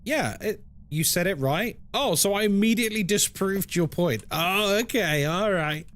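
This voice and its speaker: A man's voice: high voice, moderate pace, a bit bright. A man streaming a game, chatting playfully and reading chat messages aloud. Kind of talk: casual live-stream chat.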